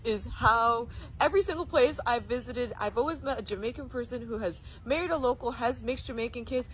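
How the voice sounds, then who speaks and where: A woman's voice: a little high, fairly quick, poor audio. A woman telling an amused travel story to camera in a chatty way. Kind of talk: casual talk to camera.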